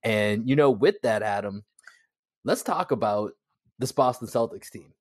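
A man hosting a sports podcast in casual, slangy, energetic chat, laughing often. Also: lowish voice, a little slow, no room sound, studio quality. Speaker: podcast host.

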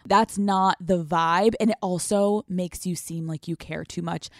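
A woman's voice: fairly low pitch, steady tone, dry recording, studio quality. Blunt, profane young woman podcast host. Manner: blunt, profane and sassy, with quick laughs. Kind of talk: casual advice talk answering listener letters.

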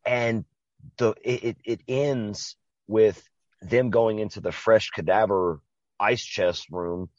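A man's voice: fairly low pitch, steady tone, takes it slowly, dry recording. Guy on a movie podcast, hyped and swears a lot, muffled lo-fi dry sound. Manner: enthusiastic, profane, laughs often. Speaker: podcast co-host. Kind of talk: casual movie discussion.

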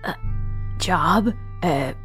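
A woman voicing a nervous, low-ranking henchman who speaks hesitantly and apologetically. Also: lively intonation, very slow, a bit bright, breathy edge, soft background music, full character voice.

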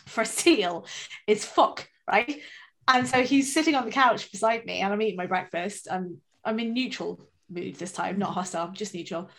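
A woman's voice: medium pitch, fairly bright tone. A woman, co-hosting a casual chat and telling rambling, self-mocking stories with plenty of swearing. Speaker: podcast co-host.

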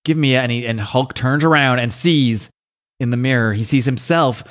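A man hosting a podcast, recapping a comic book in a casual, animated way and slowing down for dramatic quotes. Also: medium pitch. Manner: animated, reads out quotes with slow dramatic emphasis. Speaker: podcast host.

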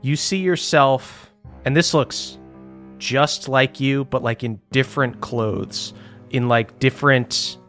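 A man's voice: mid-range voice, steady tone, slow, a bit bright, faint music behind. A young man running a tabletop game as game master, telling the story dramatically in a loose, swearing, casual way.

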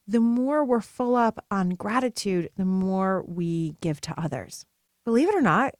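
With a higher-pitched voice recorded cleanly in a studio without echo, a thirtysomething woman hosts a podcast. Her talk is a casual, upbeat motivational ramble with plenty of asides.

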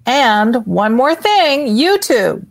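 An unhurried woman co-host, high-pitched and chatty, who jokes at her own expense. She talks slowly over a video call, and the sound is close and dry, with no room echo. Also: very animated, vocal fry. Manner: laughing, self-mocking. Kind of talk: casual chat.

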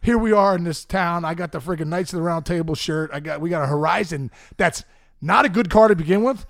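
A middle-aged man from Pittsburgh, a podcast guest telling a comic story in an animated way with lots of laughs. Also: a little high, fairly quick, creaky, no echo. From Pittsburgh area, US. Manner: animated, laughs often, acts out voices of people in his stories.

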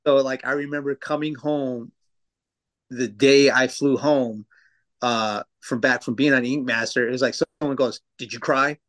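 A man in his thirties with a medium-pitched, fairly even, slightly bright voice speaks a little slowly. He's a tattoo artist guest on a podcast, telling loose stories in casual chat, full of swearing and fillers.

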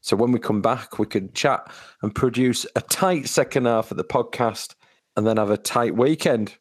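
A man co-hosting a football podcast in casual chat, measured, with a dry sense of humor. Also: medium pitch, dry recording. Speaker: podcast co-host.

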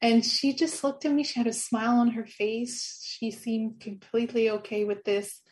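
A woman's voice: fairly high pitch, normal speed, mellow. A middle-aged woman telling a personal story in an interview, earnest and laughing often. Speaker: guest.

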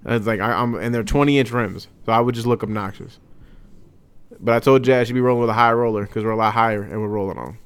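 A man's voice: fairly low pitch, quick pace, clean tone, no room sound. A young man co-hosting a podcast, telling a casual story and acting out what others said. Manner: animated storyteller acting out quotes. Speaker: podcast co-host.

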